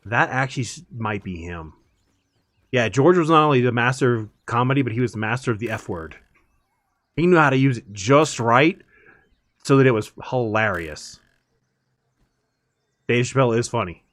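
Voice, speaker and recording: Streamer, male, rambling casual chat, mid-pitched voice, dry close mic. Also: lively intonation, moderate pace, pauses often, fairly bright tone, no room sound. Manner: rambling, chatty, laughs often. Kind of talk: casual chat while gaming.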